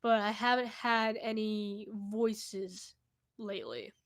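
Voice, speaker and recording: A woman's voice: mid-range voice, steady tone, slow pace. A young woman answering viewer questions in a casual vlog at home, candid and chatty, often laughing and trailing off. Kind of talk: casual Q&A chat to camera. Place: indoors at home, cat nearby.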